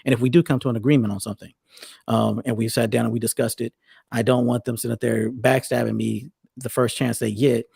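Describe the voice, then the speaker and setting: Gravelly fast-talking man, rambling. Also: mid-range voice, little pitch movement, darkish tone, no echo, clean studio sound. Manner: rambling, many restarts and self-corrections. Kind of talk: casual conversational talk.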